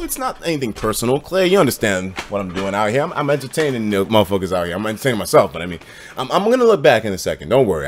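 A young male streamer in casual storytelling mode, his delivery very lively and full of rises and falls. He drops into quiet mutters, then bursts out loud. He swears freely as he talks to his viewers. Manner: animated, swings from low mutters to loud bursts.

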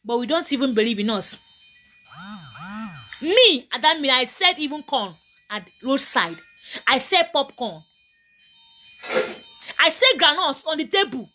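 A woman's voice: high-pitched, big pitch swings, a little slow, long pauses, pushed and bright, soft background music. A Nigerian woman giving a motivational talk to camera, emphatic and preachy, often repeating her points. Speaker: motivational vlogger.

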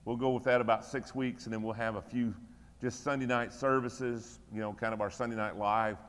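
A man's voice: mid-range voice, flat delivery, brisk, a bit bright, long reverb tail. A middle-aged man serving as pastor, giving church announcements and prayer requests in a folksy, conversational, encouraging way in a church room.

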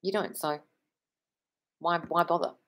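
A woman's voice: on the low side, steady tone, measured pace, a bit bright, low-quality recording. A young woman hosting a live-stream Q&A, reading viewers' comments aloud and answering bluntly, swearing freely and calling people darling. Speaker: livestream host.

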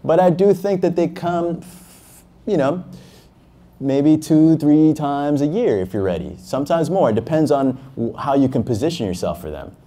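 A man's voice: a little high, expressive, normal speed, dark tone. A young man from Harlem, a guest at a fireside chat, talking about his path in business in an emphatic, motivational way with casual swearing. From Harlem, New York. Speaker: entrepreneur, interview guest.

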